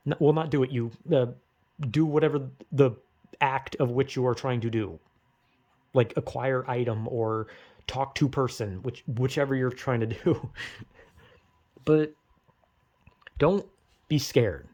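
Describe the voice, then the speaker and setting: A man's voice: medium pitch, a little slow, long pauses, darkish tone. A young man in a rambling, emotional personal monologue, swearing often and running himself down, with bursts of urgent pep talk. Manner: rambling, swears a lot, self-critical.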